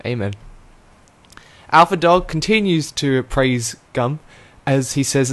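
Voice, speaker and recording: This young online radio host speaks slowly, his mid-range voice fairly bright. Chatting casually, he reads chat comments aloud, laughing a lot and stumbling over the words.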